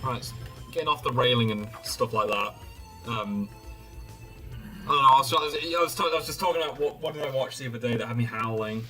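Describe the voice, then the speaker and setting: Bright-voiced giggly man gaming. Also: mid-range voice, fast talker, soft background music. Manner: giggly, trailing off, thinking aloud while playing. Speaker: co-host playing a game on stream. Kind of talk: casual chat.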